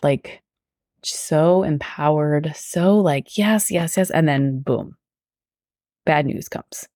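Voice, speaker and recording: Earnest woman, low voice, dry sound. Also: darkish tone, no echo. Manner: earnest, tangent-prone, quotes herself aloud. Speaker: podcast host; teacher. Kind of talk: personal faith podcast storytelling.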